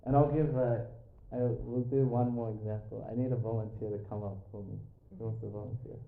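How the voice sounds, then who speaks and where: A fairly low-pitched Australian man talks fairly quickly in a level tone with vocal fry, delivering a light, humorous spiritual lecture in a yoga studio. Fillers run throughout his banter with the audience, and the audio is echoey and tinny, like a phone recording.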